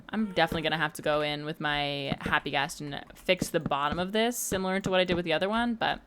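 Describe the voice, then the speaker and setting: A woman's voice: lowish voice, expressive, fast talker, hardly any pauses, noisy background. A woman in her mid-twenties chatting casually and teasing her viewers during a late-night gaming livestream. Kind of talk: casual chat while gaming.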